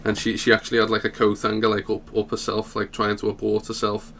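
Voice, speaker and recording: A man's voice: fairly low pitch, monotone, fast talker, a bit bright, slight background noise. A young man casually telling a story from school, chuckling now and then.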